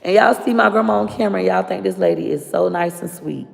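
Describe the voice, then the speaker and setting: A woman's voice: on the low side, fast, vocal fry. A woman with a Florida accent ranting bluntly and profanely to camera. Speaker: vlogger. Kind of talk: casual rant to camera. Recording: long reverb.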